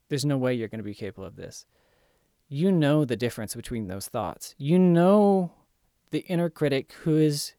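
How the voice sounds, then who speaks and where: A man's voice: fairly high pitch, darkish tone, no room sound. Earnest man coaching, dry close sound. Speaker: self-help speaker. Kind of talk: motivational instruction.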